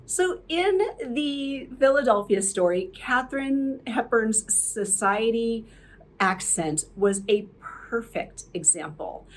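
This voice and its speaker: A woman's voice: mid-range voice, slow pace. A woman hosting a podcast, narrating from a script in a chatty way with fillers and restarts. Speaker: podcast host.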